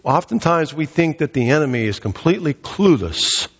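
Man, preacher, husky voice, slightly high, conversational sermon, long hall reverb, muffled lo-fi sound. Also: big pitch swings, moderate pace. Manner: conversational, asks rhetorical questions, voices quoted speakers. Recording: dull lo-fi recording in a reverberant hall.

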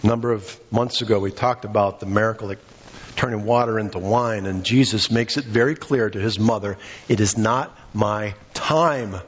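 A man's voice: on the low side, fairly even intonation, fairly quick, muffled recording. A man preaching a sermon with passion, acting out the voices of the people in his story. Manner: impassioned, acts out quoted voices.

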